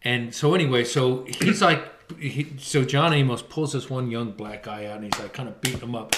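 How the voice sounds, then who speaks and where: A man's voice: medium pitch, moderate pace, a bit bright, echoey room. A man in his fifties co-hosting a casual chat, boisterous and jokey with crude humor. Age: 50s. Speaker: podcast co-host.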